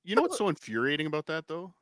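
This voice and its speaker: A man's voice: a little high, huge pitch swings, rapid-fire, fairly bright tone, dry recording, clean studio sound. A man co-hosting a casual podcast, sardonic and exasperated in his jabs. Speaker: podcast co-host. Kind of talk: casual call-in show banter.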